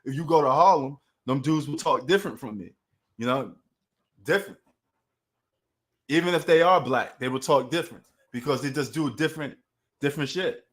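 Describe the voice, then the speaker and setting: A man's voice: on the high side, moderate pace, pauses often. A man with a Queens New York accent hosting a casual sports livestream, talking loosely and slangily to his chat.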